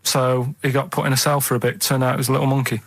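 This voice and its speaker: A man with a mid-pitched voice rambles through a story on a studio radio show. He halts and restarts often and keeps his telling flat and unhurried. The talk is loose, casual banter among friends. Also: vocal fry, no room sound.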